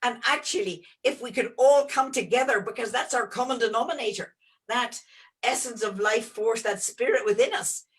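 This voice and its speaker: A middle-aged woman speaking as an interview guest, earnest and expansive, often pausing and restarting her sentences. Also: a little high. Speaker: guest, entrepreneur and geologist. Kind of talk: conversational interview answers.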